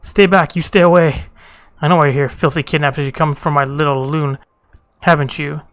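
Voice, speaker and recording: A man's voice: fairly high pitch, fairly even intonation, brisk, fairly bright tone, no echo, soft background music, natural voice. A man voicing a crazed, fearful captive mother who talks in a frantic, suspicious way.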